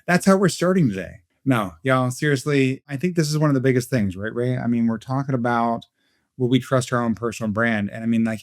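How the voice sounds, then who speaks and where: A man's voice: mid-range voice, brisk, dry recording, studio quality. A man hosting a casual podcast chat, joking around and rambling. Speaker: podcast host.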